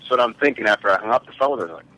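A man casually telling a quick story on a podcast in an easygoing way. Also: medium pitch, animated, bright, forceful tone, rough recording. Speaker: podcast co-host.

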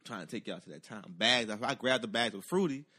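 A man telling a long personal story in casual chat, animated and profane, acting out the voices of the people in it. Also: fairly low pitch, fast talker, slightly rough.

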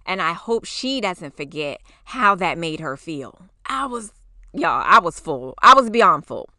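Animated woman in her forties telling a story. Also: lowish voice, measured pace, dry recording, studio quality. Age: 40s. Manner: animated, swears freely, acts out quotes. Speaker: podcast host. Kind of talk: casual storytelling.

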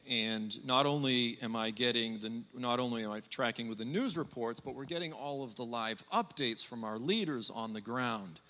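A man in his forties giving a conversational sermon, animated and full of fillers. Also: mid-range voice. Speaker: speaker at a church. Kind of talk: sermon talk. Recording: long hall reverb.

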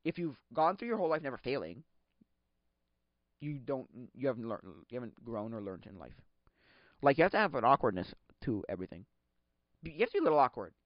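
A man hosting a podcast, chatting casually in a rambling, excitable way, laughing often and acting out quotes. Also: medium pitch, a little fast, pauses often, no echo. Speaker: podcast host. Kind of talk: casual solo chat. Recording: dull lo-fi sound.

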